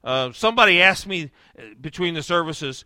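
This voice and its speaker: A man with a high, bright, forceful voice delivers a sermon as a pastor. He tells the story with feeling, dropping to a hush and then rising to loud outbursts. The sound is dry and close. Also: lively intonation, normal speed, no echo. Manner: storytelling, swings from hushed to shouting.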